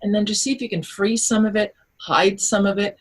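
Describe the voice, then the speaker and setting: Husky-voiced woman nutritionist on radio. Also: mid-range voice, a little fast, rough recording. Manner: animated, explanatory, acts out quotes. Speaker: holistic nutritionist guest. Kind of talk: radio interview talk.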